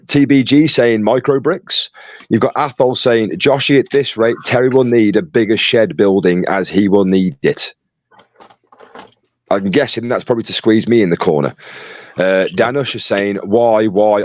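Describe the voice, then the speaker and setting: A man's voice: on the low side, measured pace, muffled recording. A man co-hosting a casual livestream, reading out chat messages in a jokey, chatty way. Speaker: co-host reading live chat.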